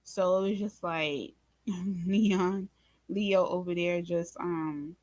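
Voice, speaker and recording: A woman hosting a casual recap of a drama episode, speaking to viewers in an informal, expressive way and acting out her own reactions. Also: fairly low pitch, slow pace, no echo. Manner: animated, talks to viewers as "y'all" and "baby"; acts out her own reactions in quoted asides. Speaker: reaction channel host.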